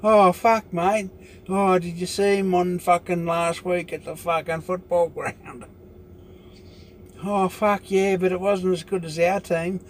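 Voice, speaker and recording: An Australian man sending up a crowd of brash footy blokes, raising his voice higher and brasher as they swap boasts about their teams. The banter is blunt and peppered with "mate". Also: level tone, unhurried, a little hiss or hum. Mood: boisterous. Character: loud blokey male footy fans bantering.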